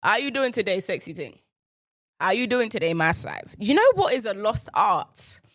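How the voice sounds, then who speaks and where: A woman host, chatting playfully in a deliberately lowered voice, riffing on words and swearing now and then. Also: very animated, a bit bright, dry recording, studio quality. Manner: playful, riffing, with bursts of profanity; deliberately lowered voice while in a male persona. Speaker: podcast host. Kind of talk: casual solo commentary.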